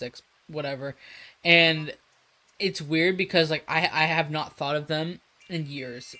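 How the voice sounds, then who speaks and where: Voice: medium pitch, sharp tone, poor audio. A streamer chatting casually with viewers while drawing, rambling, laughing often and swearing freely.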